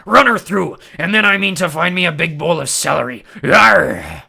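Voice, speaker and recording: A man voicing a gruff, brawny old pirate captain who growls and bellows in rough old-timey speech. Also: fairly high pitch, very animated, normal speed, sharp tone, pitched above the performer's own voice, heavily acted. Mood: blustering. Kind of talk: storybook reading.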